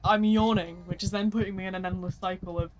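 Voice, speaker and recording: Sleepy yawny streamer rambling in slang to chat while gaming, mid pitch. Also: steady tone, fast, background noise. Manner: slangy, rambling, self-mocking. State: sleepy and yawning. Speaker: gaming livestreamer. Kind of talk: casual livestream chat while playing.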